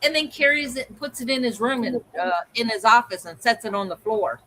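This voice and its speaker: A woman co-hosting a livestream, telling an animated story in casual chat and acting out the voices of the people in it. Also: fairly high pitch, brisk, low-quality recording. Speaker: co-host.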